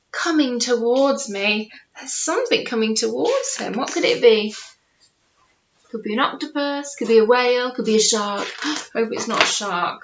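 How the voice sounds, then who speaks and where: Over a noisy background, a woman teacher with a high-leaning voice reads a picture book aloud to young children at home. She keeps it lively and playful, asking her young listeners questions, in a home with a conservatory, recorded in a roomy, dull way.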